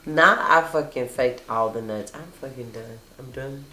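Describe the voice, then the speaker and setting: A woman's voice: extremely low pitch, measured pace, pushed and bright. Blunt, profane woman host, echoey room. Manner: blunt, profane, laughing often. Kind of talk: casual chat reading live comments.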